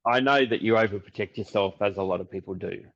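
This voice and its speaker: A man, a psychic medium, telling stories in a relaxed podcast chat and laughing often. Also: on the low side, quick pace, vocal fry. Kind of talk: casual podcast interview. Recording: dull lo-fi audio.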